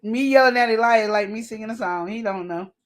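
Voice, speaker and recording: Woman co-host, casual talk show chat, animated and given to acting out quotes. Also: on the high side, quick pace. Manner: animated, acts out quoted voices; laughs often. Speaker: podcast co-host. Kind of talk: casual chat reading viewer comments.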